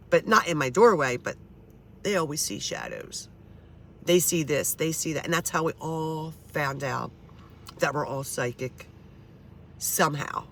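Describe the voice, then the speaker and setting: Chatty, foul-mouthed woman storyteller with a bright, forceful tone. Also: sits low, a little hiss or hum. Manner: blunt, swears freely, chatty. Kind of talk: casual storytelling.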